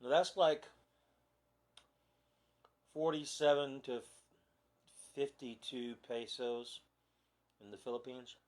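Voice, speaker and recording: A man's voice: medium pitch, steady tone, slow, pauses often. A man chatting casually on a phone live video, easygoing and rambling with lots of fillers. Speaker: vlogger. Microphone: phone camera propped nearby.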